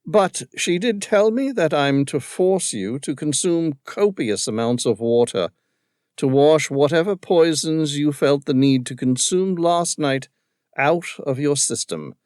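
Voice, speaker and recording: A male narrator voicing a dutiful, reserved male footman with a British accent and a monotone drawl. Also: fairly high pitch, a little slow, clear, resonant tone, dry recording, studio quality, pitched above the performer's own voice.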